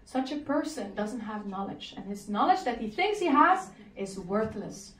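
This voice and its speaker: Woman voicing a fearless five-year-old boy sage, eager and high, echoey room from afar. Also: big pitch swings, moderate pace, a bit bright. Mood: earnest. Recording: roomy, distant lecture mic.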